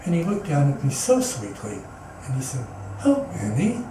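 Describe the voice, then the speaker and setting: A man's voice: mid-range voice, very animated, normal speed, mellow. Earnest man telling stories in an echoey hall. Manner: earnest, rambling, with frequent restarts. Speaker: guest speaker at a spiritual center. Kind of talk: personal storytelling talk. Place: meeting hall, indoors. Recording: echoey hall, distant mic, background noise.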